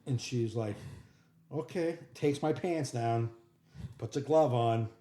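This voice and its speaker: A man's voice: medium pitch, slow pace, mellow. A man co-hosting a comedy podcast, telling a crude story bluntly in casual chat. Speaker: podcast co-host. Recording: echoey room with faint noise.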